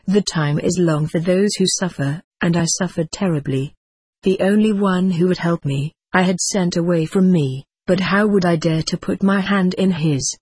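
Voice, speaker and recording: A narrator reading a first-person story aloud in an even, slightly stiff manner. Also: medium pitch, moderate pace, breathy edge, no room sound.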